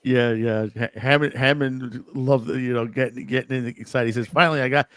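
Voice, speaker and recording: A man's voice: mid-range voice, flat delivery, normal speed, clear, resonant tone, no room sound. Eager man repeating himself. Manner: eager, repeats phrases, interjects. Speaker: podcast co-host. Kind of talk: casual fan chat.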